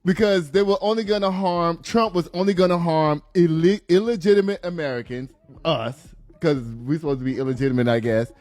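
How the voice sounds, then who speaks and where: A man's voice: fairly high pitch, fairly even intonation, fairly quick, a little mellow, soft background music. Blunt, incredulous male commentator. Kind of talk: casual reaction commentary.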